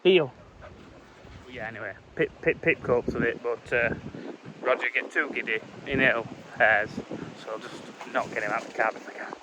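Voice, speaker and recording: A man's voice: mid-range voice, fairly even intonation, fairly quick, background noise. A young man, a farmer, chatting casually while walking his fields and calling to his dog. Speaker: farmer vlogger. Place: outdoors in windy farm fields.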